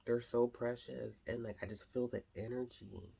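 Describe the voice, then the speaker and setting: A woman vlogging casually to camera, chatty and expressive, often calling viewers honey. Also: extremely low pitch, moderate pace, vocal fry, husky.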